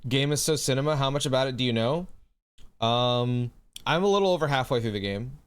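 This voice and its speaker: A young man talks loosely on a livestream, answering his chat. He swears freely and laughs often, in an easygoing, middle-pitched voice. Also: lively intonation, brisk, smooth. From United States. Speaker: streamer. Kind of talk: casual livestream chat, reading chat aloud.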